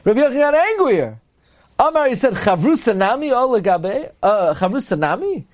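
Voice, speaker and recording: A man teaching a Talmud class, reading Aramaic lines and explaining them with lively retelling. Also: very high-pitched, a little fast. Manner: reads Aramaic then explains in English, animated.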